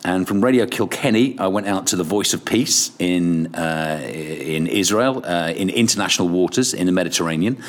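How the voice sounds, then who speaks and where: A man's voice: sits low, normal speed, few pauses. A middle-aged Irish man, a radio presenter, telling casual stories as a podcast guest, rambling with restarts, laughter and swearing. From Ireland. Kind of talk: casual storytelling interview.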